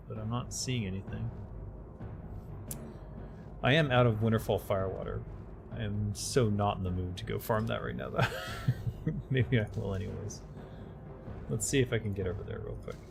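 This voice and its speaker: Gravelly low-voiced man streaming a game. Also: noisy background. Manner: mutters to himself while playing, then chats openly with viewers. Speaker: game streamer and voice-over narrator. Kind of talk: casual live gaming stream chat.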